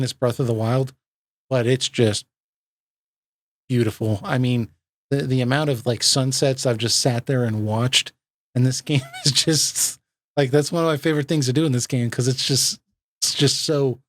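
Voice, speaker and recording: A man hosting a casual gaming podcast, enthusiastic and laughing often, with quick asides. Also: medium pitch, dry recording, clean studio sound. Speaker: podcast host.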